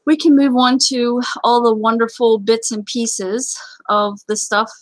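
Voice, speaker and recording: A woman's voice: fairly high pitch, steady tone, a little slow, no echo, rough recording. Woman host, casual live show chat, chatty and rambling, dry close sound. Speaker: livestream host.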